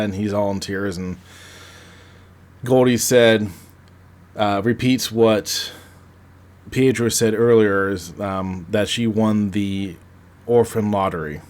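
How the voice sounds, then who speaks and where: A man's voice: on the low side, fairly even intonation, slow, a little mellow. A man casually retelling a film plot and reviewing it, rambling and conversational. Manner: rambling, conversational, frequent restarts. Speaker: podcast host reviewing a film.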